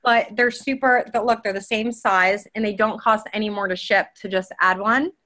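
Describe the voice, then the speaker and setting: A woman's voice: mid-range voice, steady tone, moderate pace, bright, forceful tone. A woman chatting casually on a team call, rambling with lots of fillers and restarts as she shares tips. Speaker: team member sharing tips.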